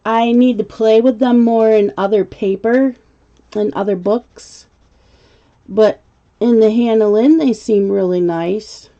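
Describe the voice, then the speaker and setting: A middle-aged woman chats casually on a live stream as she colors, reading viewer comments aloud and laughing often. Her voice is mellow and unhurried. The audio is slightly muffled and lo-fi. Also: on the high side, fairly even intonation.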